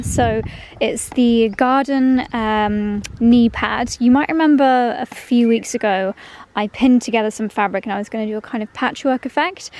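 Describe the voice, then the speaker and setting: A woman's voice: on the high side, a little mellow. A woman chatting upbeat to her viewers in a lifestyle vlog, calling them darlings. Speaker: vlogger. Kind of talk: casual vlog chat. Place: home and garden.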